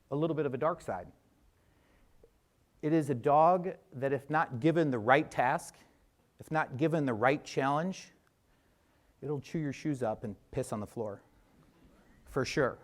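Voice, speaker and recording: A middle-aged man giving a chatty, self-deprecating conference talk on a theater stage, with fillers and restarts. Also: medium pitch. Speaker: conference speaker.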